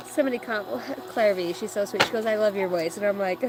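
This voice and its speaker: A woman's voice: mid-range voice, fast talker, hardly any pauses, music in the background, rough recording. A woman doing a live-stream oracle card reading, chatting playfully and joking with her viewers.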